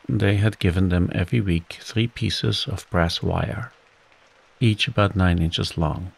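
A man narrating a bedtime audiobook in a calm, soft-spoken, measured way. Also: sits low, creaky, slightly rough.

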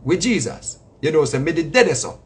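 Husky high-voiced Jamaican man preaching. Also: big pitch swings, fairly quick. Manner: preachy, repetitive, emphatic with slang asides. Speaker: reggae artist. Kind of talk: casual spoken monologue.

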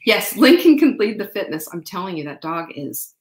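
A woman's voice: medium pitch, sing-song, moderate pace, echoey room. A middle-aged woman hosting a live online show, chatting with viewers in an upbeat, rambling way. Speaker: host. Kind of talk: live-stream chat with viewers.

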